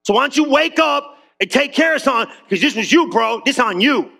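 A man preaching a sermon in a church, animated and conversational, with casual slang and questions thrown to the crowd. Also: very high-pitched, a little fast, vocal fry. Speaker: pastor.

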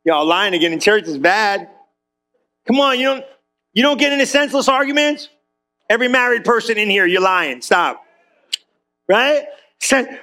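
A man's voice: extremely high pitch, animated, fairly quick, sharp tone. A man preaching a sermon in a church, casual and joking with the congregation. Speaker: pastor.

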